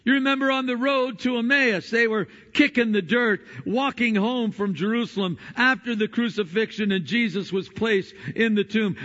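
High-voiced preacher in a ringing hall. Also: male voice. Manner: earnest, swings between hushed and emphatic. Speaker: pastor. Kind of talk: sermon. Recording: dull sound in a reverberant hall.

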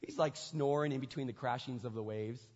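A man's voice: mid-range voice, brisk, darkish tone. A male pastor delivering a sermon in a conversational way, repeating his phrases for emphasis, recorded in a church sanctuary. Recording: echoey hall, dull lo-fi sound.

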